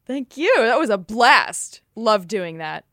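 A woman's voice: on the high side, big pitch swings, slow, fairly bright tone, no echo, studio quality. A woman co-hosting a podcast in friendly casual chat, reading out listener comments. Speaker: podcast co-host.

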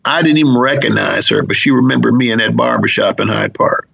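Gravelly middle-aged policeman telling a story. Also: brisk, a bit bright. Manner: acts out dialogue with big pitch jumps. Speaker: police officer. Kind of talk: animated storytelling in an interview. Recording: dull lo-fi recording.

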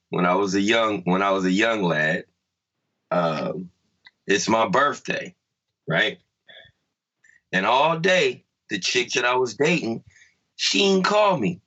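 A man co-hosting a podcast in casual chat, telling a profane story with animated quoted lines. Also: fairly low pitch, takes it slowly, pauses often, muffled recording. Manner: profane, animated storyteller, quoting himself loudly. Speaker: podcast co-host.

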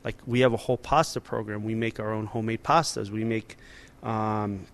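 A man's voice: lowish voice, level tone, fairly quick. A man in his forties, a restaurant owner and chef, talking casually and animatedly in an interview, with many fillers and restarts.

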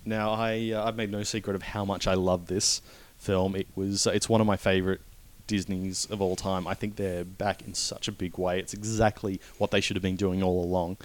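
Man, low voice, wry film reviewer, casual chat. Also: moderate pace. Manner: wry, opinionated, relaxed.

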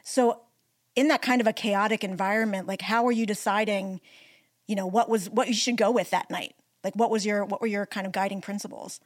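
Woman interviewer, mid pitch, dry close mic, easygoing questions. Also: steady tone, brisk, dry recording. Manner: conversational, searching for words. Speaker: interviewer, journalist.

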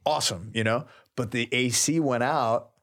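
Man, priest, casual storytelling, animated, slangy, medium pitch. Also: normal speed. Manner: animated, laughing often, loose and slangy. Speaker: priest, co-host.

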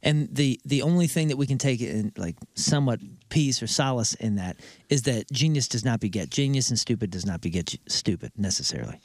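A man's voice: medium pitch, animated, a little fast, hardly any pauses, darkish tone, dry recording. A man co-hosting a radio show, musing philosophically and laughing often. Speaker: radio co-host. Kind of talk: casual chat.

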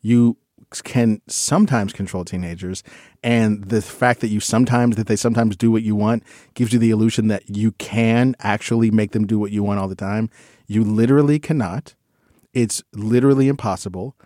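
A man's voice: on the low side, fairly even intonation, moderate pace, mellow, no echo, clean studio sound. A man co-hosting a podcast, talking casually in a rambling, self-correcting way. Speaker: podcast co-host. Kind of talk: casual chat.

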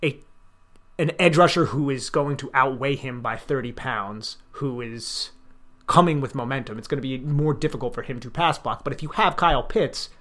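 A man's voice: medium pitch, moderate pace, fairly bright tone. A man co-hosting a sports podcast, giving his opinions in emphatic casual chat. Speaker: podcast co-host.

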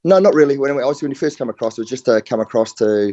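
A man's voice: mid-range voice, rapid-fire, dark tone, dull audio. A middle-aged man with a New Zealand accent, a former rugby player talking casually as a guest, easygoing and full of "mate". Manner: laid-back, says mate a lot. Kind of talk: casual phone interview.

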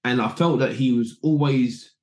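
A man from England telling animated stories as a former footballer guest, acting out quotes and restarting his sentences. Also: medium pitch, normal speed. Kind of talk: anecdotal interview storytelling. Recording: roomy echo.

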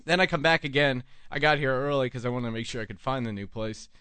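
A man's voice: mid-range voice, fast, bright, forceful tone, clean tone, no echo. A man in his twenties hosting a live call-in talk show, telling rambling, jokey stories with crude language. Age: 20s. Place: small studio.

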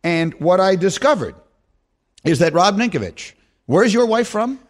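A male host running a sports radio show, animated, laughing often and reading sponsor copy. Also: high-pitched, measured pace. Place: radio studio.

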